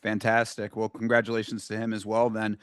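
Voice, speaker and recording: A man's voice: on the low side, monotone, fairly quick, clean tone, dry recording, studio quality. A man co-hosting a casual sports talk show, easygoing and steering the conversation. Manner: easygoing, wrapping up and steering topics. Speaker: podcast co-host. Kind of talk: casual chat.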